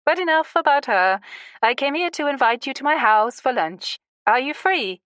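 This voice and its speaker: A woman voicing a lively, gossipy woman in her sixties in an audiobook, bold and quick to confide. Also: high voice, no echo, voice pushed up.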